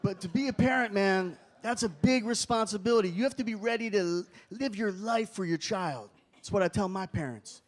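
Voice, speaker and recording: A young man doing a stand-up comedy routine on a club stage, animated and shouting his punchlines. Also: high-pitched, fairly quick. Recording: live club audience and room noise faintly behind.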